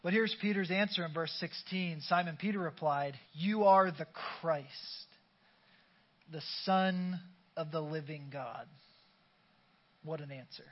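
A man's voice: fairly high pitch, moderate pace, lo-fi sound. A pastor preaching a conversational sermon to his congregation, urging them to call back their response. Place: church sanctuary.

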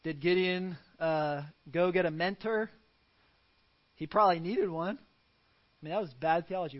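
A man's voice: sits high, a little slow, long pauses, muffled recording. A man preaching a sermon as pastor, earnest and fond of rhetorical questions.

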